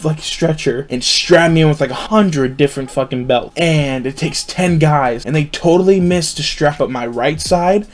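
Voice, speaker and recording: A young man vlogging, retelling a personal story in a casual, profane, animated way. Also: fairly high pitch, normal speed, few pauses.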